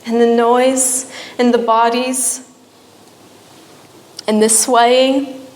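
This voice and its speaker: A woman's voice: fairly high pitch, flat delivery, very slow, a little mellow, slight background noise. A young woman giving an emotional personal testimony at a church, her storytelling rising at times into pleading. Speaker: church speaker. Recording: echoey church hall.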